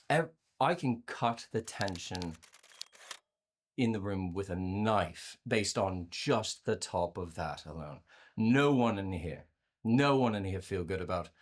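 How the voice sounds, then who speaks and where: A man presenting a workshop on communication to a virtual audience, conversational and animated, often repeating words as he restarts his sentences. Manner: acts out inner voices with playful pitch jumps. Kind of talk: live talk to a virtual audience.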